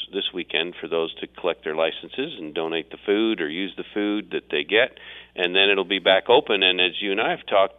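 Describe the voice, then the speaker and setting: A man with a low voice speaks as a city official on a radio interview, rambling along and circling back on himself. His voice comes through a thin, phone-like line. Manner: rambling, meandering with restarts.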